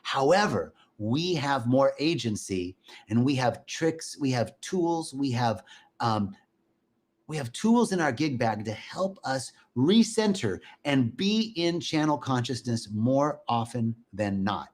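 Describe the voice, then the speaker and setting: Male spiritual teacher, mid-pitched, chatty and animated, live-stream talk. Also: takes it slowly. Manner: animated, conversational, greets viewers by name.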